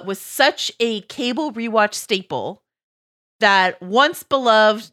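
A woman co-hosting a podcast debate, talking in a quick, chatty, amused way. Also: mid-range voice, bright, forceful tone. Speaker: podcast co-host. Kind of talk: casual chat.

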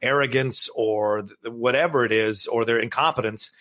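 A man's voice: mid-range voice, steady tone, normal speed, bright, forceful tone. A man co-hosting a podcast about films, talking casually and rambling, with many restarts and fillers. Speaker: podcast co-host. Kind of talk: casual chat.

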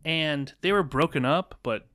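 A man's voice: fairly high pitch, measured pace, bright, forceful tone, no echo, studio quality. A man co-hosting a podcast, telling a dating story casually and acting out both sides of the dialogue, with some swearing. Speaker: podcast co-host.

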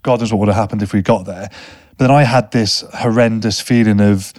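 A man's voice: fairly low pitch, fairly even intonation, fairly quick, darkish tone, no echo, studio quality. A man hosting a podcast, asking long, thoughtful questions in a conversational tone. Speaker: podcast host, interviewer. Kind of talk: conversational interview.

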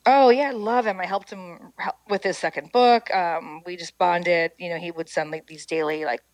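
Woman, low-ish voice, animated casual storyteller, dry close mic. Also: moderate pace, no room sound, poor audio. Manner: lively, acts out quotes in a higher voice. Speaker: storyteller guest.

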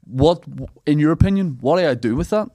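A man with an Irish accent hosting a podcast, asking a guest questions in a quick, eager way. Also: a little high, expressive, mellow, no echo, studio quality. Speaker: podcast host. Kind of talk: casual podcast chat.

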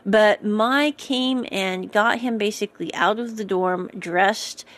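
A woman's voice: mid-range voice, takes it slowly. A woman recapping a series episode in a casual, rambling way, often stopping to correct herself. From United States. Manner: rambling, chatty, with frequent self-corrections.

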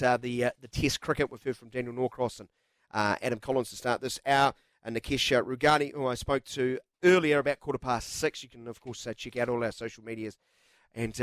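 A man's voice: medium pitch, fairly bright tone, no room sound. A man hosting live sports talkback radio in a studio, chatty and jokey with lots of filler words. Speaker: radio sports show host. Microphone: studio microphone.

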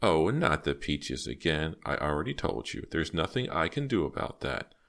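A man reading aloud voices a frail, sly old woman with a slow, sweetly sharp drawl. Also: rumbling low, very animated, creaky, full character voice. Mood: sly, tart. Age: older.

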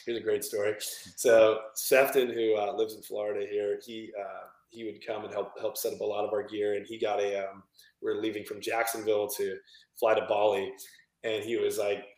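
A man being interviewed as a film director, telling stories in a loose, animated way with lots of fillers and laughter. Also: fairly low pitch, normal speed, echoey room, rough recording. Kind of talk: casual storytelling interview.

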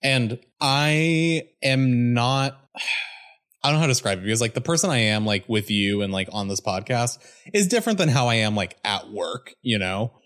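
A young man co-hosting a casual podcast, his pitch leaping up and down as he tells a story. He peppers his talk with "like" and keeps breaking into laughter. He sounds chatty and expressive throughout. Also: normal speed. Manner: animated storytelling, frequent "like", bursts into laughter. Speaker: podcast co-host. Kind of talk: casual chat.

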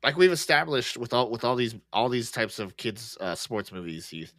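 A man co-hosting a podcast, chatting casually and relaxed about a movie, swearing easily and restarting his sentences. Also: mid-range voice, normal speed, few pauses, dry recording. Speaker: podcast co-host. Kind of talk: casual movie-recap chat.

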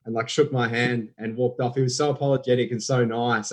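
A man's voice: mid-range voice, flat delivery, brisk, hardly any pauses, poor audio. Chatty Australian man telling stories. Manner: chatty, storytelling, laughs easily. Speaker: guest, impressionist. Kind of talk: casual podcast chat.

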